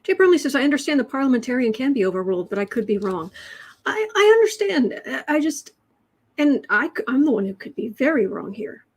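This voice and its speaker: A woman's voice: high voice, very animated, fairly quick, breathy edge. A woman with a Chicago accent hosting a live tarot reading and answering chat questions in a chatty, wry way, often trailing off and restarting. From Chicago, USA. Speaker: tarot and astrology livestream host. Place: home room with adjustable lighting.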